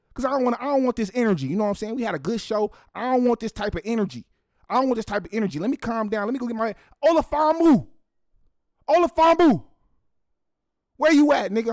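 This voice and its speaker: A man's voice: sits high, a little mellow, no room sound, studio quality. A man playing a hot-tempered, foul-mouthed caller who stammers and rants on a prank call. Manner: stammering, profane, ranting.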